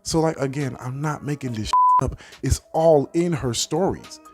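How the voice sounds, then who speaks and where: This young man speaks at medium pitch and a normal speed. As a video commentator, he launches into a heated, dismissive rant full of filler words and swearing, a casual ranting commentary.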